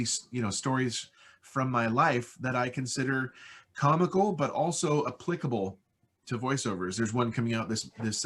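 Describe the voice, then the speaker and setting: A man's voice: medium pitch, fairly bright tone. An American man talking casually and enthusiastically in an interview about his voice-over work, rambling with fillers. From United States. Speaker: voice-over artist guest.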